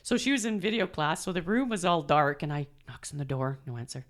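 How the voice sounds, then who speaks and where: A middle-aged woman telling animated stories as an interview guest, laughing often and acting out quotes. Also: low-pitched, fairly quick. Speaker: guest, mother and performer. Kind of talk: storytelling interview.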